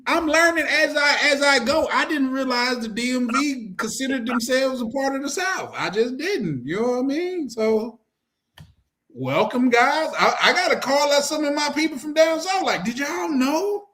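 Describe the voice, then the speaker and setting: A man's voice: extremely high pitch, animated, moderate pace, pushed and bright. A man hosting a casual group chat, playful and teasing, often laughing. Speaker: host.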